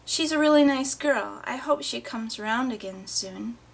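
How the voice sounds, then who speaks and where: A woman voicing a gentle, caring middle-aged mother in an audiobook reading, with soft, concerned speech. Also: fairly high pitch, normal speed, gravelly, slight background noise.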